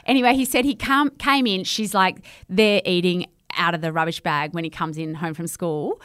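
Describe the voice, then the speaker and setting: A woman's voice: lowish voice, normal speed, clear, resonant tone, no echo. Australian woman telling a story, dry sound. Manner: animated storyteller, laughs often. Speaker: podcast co-host, parent educator. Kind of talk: casual chat.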